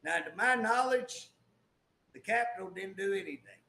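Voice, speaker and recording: A man's voice: sits high, animated, normal speed, bright, forceful tone, reverberant. A man, co-hosting a political talk show, ranting emphatically and repeating himself. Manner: emphatic, repeats "guess what", restarts. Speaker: co-host, former state legislator.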